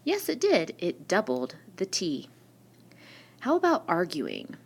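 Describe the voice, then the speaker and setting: Slowly and patiently, a woman teacher leads a spelling lesson, asking the class questions before answering them herself. Her somewhat low voice swoops wildly in pitch as she explains each word, recorded on a screen-recording mic.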